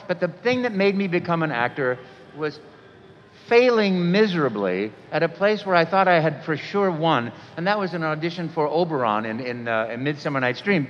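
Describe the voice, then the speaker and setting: Older man, animated storyteller, a little high-pitched, recorded dull with long hall reverb. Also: moderate pace, a little hiss or hum. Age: 60s. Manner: animated storyteller, acts out quotes with sudden jumps in voice. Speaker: voice actor guest speaker. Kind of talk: storytelling talk to a convention audience.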